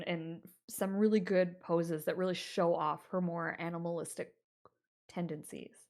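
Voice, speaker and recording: A woman running a tabletop horror game as game master, describing scenes in a loose, chatty way with many fillers. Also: on the low side.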